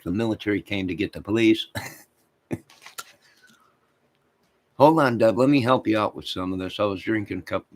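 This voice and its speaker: A man hosting a livestream, rambling crudely and talking to his chat viewers. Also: fairly low pitch. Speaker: livestream host.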